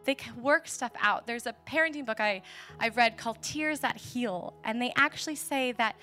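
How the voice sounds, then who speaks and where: Bright high-voiced woman preaching. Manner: earnest, candid, laughs often. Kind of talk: storytelling sermon.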